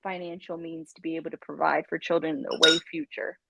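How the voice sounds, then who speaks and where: A woman's voice: low voice, flat delivery, fairly quick, gravelly, muffled recording, heavy background noise. A woman guest in a candid interview, speaking earnestly and laughing often. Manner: earnest, laughs often, acts out what she would tell her younger self.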